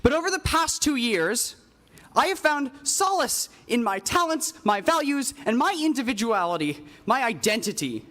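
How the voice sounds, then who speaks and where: A young woman giving a measured, personal public comment in a city council chamber. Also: on the high side, sing-song, a bit bright. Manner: measured, personal, building to direct appeal.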